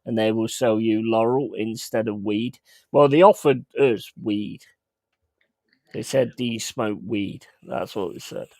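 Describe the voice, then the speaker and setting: A man in casual chat, laid-back and halting, swearing casually. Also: lowish voice, fairly even intonation, darkish tone, no echo.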